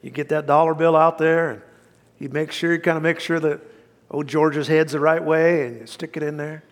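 A man's voice: fairly high pitch, fairly bright tone. A male pastor, preaching a sermon in a folksy, emphatic way with bits of humor.

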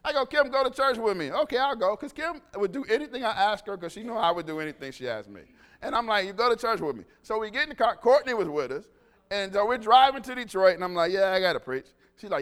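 A man preaching to his congregation in a high, bright voice. His pitch leaps all over as he tells stories and calls for responses. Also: quick pace. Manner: animated, call-and-response with congregation. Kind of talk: lively sermon with storytelling.

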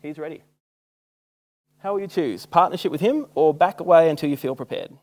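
A man's voice: fairly high pitch, a little fast, a little mellow. A young Australian man preaching a sermon in a casual, self-mocking storytelling way. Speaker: church speaker. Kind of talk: sermon with personal stories.

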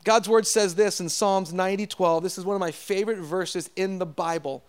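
High-voiced man preaching a sermon. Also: fairly even intonation, moderate pace, clean tone. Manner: earnest, calls out to the congregation, drops softer to stress points. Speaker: pastor.

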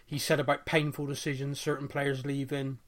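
A man's voice: medium pitch, flat delivery, a little fast. A man co-hosting a casual football chat, rambling with lots of fillers and restarts and frequent laughter.

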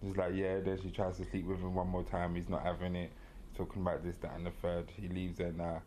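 A man's voice: deep voice, monotone, a little fast, dark tone, a little hiss or hum. A man co-hosting a podcast, animatedly retelling a story in casual chat, full of slang and laughter. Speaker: podcast co-host.

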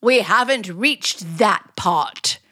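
Bright, slow, showy female drama coach from an old radio comedy. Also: mid-range voice, expressive, heavily acted. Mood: instructive. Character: theatrical female drama teacher, fussy and grand. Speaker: acting coach. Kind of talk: 1940s radio acting.

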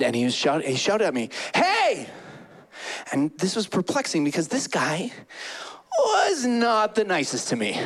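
A man in his thirties preaching a sermon, telling stories with animation and acting out the people in them. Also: high-pitched. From Canada. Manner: animated storytelling, acts out quoted people. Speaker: pastor.

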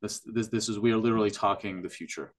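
A man's voice: on the low side, steady tone, fast talker. A man who works in functional medicine, a guest on a podcast interview, explaining at length with enthusiasm and frequent restarts.

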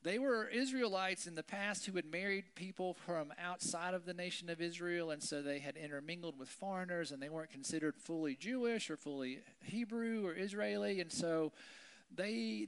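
A man giving a relaxed Bible lesson, chatting with listeners through rhetorical questions and now and then shouting out quotes with drama. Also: on the high side. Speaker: preacher. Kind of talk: Bible teaching, conversational sermon.

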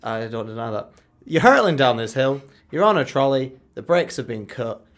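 A man's voice: mid-range voice, normal speed. A young man co-hosting a student radio show, chatting casually and making up characters as he goes. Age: young adult. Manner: animated storytelling, making up characters. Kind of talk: casual banter. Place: radio studio.

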